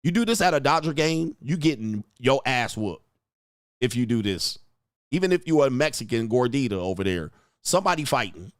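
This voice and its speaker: Speaking at normal speed in a mid-range voice, a man offers casual, profane reaction commentary on a viral video clip. He's blunt and animated, performing what the people in it say, recorded dry with studio quality.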